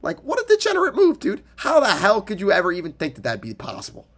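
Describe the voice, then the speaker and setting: Young guy co-host, slightly high voice, lively teasing banter, casual storytelling. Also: fast. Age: young adult. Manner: animated, teasing, swears freely. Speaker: podcast co-host.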